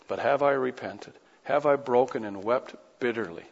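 A man's voice: medium pitch, normal speed, husky. Guy preaching a fired-up sermon, lots of questions at the crowd, long echo, muffled lo-fi sound. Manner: impassioned, with rhetorical questions. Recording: echoey hall, dull lo-fi sound.

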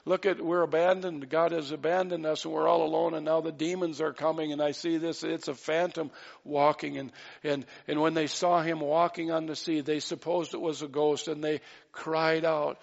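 A man's voice: fairly high pitch, level tone, moderate pace, gravelly, muffled recording. A man preaching a sermon in an earnest way, with light asides and acted-out quotes. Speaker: pastor.

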